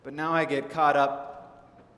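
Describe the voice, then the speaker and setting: A man from Southern California preaching a sermon in a relaxed, conversational storytelling manner. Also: on the high side, slow pace. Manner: conversational storytelling, animated in anecdotes. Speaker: pastor. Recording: echoey hall with faint ambience.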